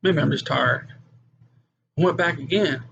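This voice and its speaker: Testimony speaker: earnest man, somewhat high and gravelly, muffled recording with noise behind him. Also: measured pace, a bit bright. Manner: earnest storytelling with acted quotes. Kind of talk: personal testimony.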